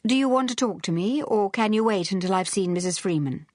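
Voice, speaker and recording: A woman voicing a brisk, witty young society woman detective with a crisp, commanding manner in an audiobook. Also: medium pitch, darkish tone, dry recording, clean studio sound, pitched above the performer's own voice, close to an everyday voice.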